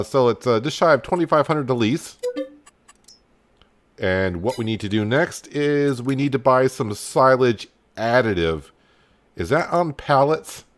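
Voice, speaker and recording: A man giving relaxed let's-play commentary on a farming game, chatty and thinking aloud as he plays. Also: medium pitch. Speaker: gameplay commentator. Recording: noticeable background noise.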